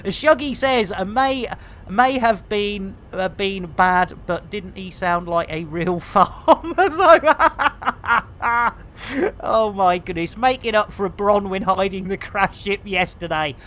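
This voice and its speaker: A woman's voice: mid-range voice, slow pace, fairly bright tone. An English woman live-streaming a game, chatting to viewers with cheeky, sweary banter and rhyming slang. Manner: chatty, talks to viewers and reads chat aloud. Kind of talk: casual live-stream commentary.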